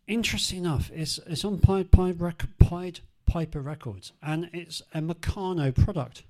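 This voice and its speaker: A man's voice: fairly high pitch, normal speed, mellow. Chatty man presenting old records. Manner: chatty, rambling, self-correcting. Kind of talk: casual chat between records.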